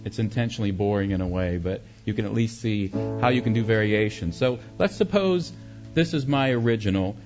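A man's voice: fairly low pitch, animated, fairly quick, lo-fi sound, music in the background. A man teaching a songwriting workshop, explaining ideas and singing short melody examples.

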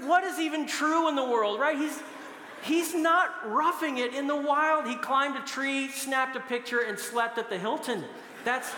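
A man's voice: very high voice, noisy background. A middle-aged man preaching a sermon, telling stories and laughing now and then as he speaks. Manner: storytelling with bursts of laughter. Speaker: pastor. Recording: echoey hall with long reverb.

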